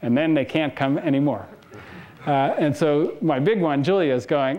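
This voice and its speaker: Man in his 40s, guest speaker, fairly high voice, loose storytelling delivery. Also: moderate pace, darkish tone. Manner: casual, storytelling, laughs between anecdotes. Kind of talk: conference talk with slides. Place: lecture hall.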